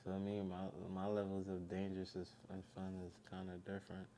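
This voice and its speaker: A man's voice: deep voice, completely flat delivery, brisk, mellow, slight background noise. A man from Haiti, a music artist talking as a guest in a loose, laid-back way. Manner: laid-back, loose, says "you feel me" a lot. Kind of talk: casual interview chat.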